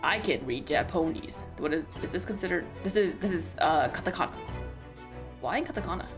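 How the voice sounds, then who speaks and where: A woman's voice: lowish voice, expressive, a little fast. A woman streamer giving casual, joking gameplay commentary with profane asides. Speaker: let's play streamer. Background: game music.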